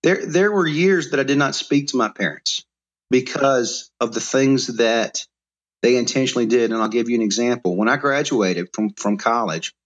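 A middle-aged man from Alabama, telling life stories as an interview guest in an animated way with frequent restarts. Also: mid-range voice, moderate pace. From Mobile, Alabama. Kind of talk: storytelling interview.

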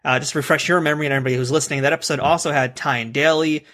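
A man's voice: a little high, steady tone, racing, fairly bright tone. A man hosting an interview podcast, casual and enthusiastic as he sets up questions. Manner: enthusiastic, conversational. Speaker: podcast host.

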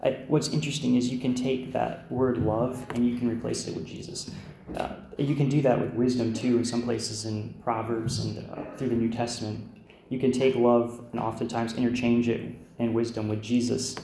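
A man's voice: mid-range voice, level tone, normal speed, warm tone, slight background noise. A young man giving his first sermon in a church, earnest and heartfelt, with frequent ums and restarts. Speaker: preacher. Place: church sanctuary. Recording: echoey church room with faint ambience.

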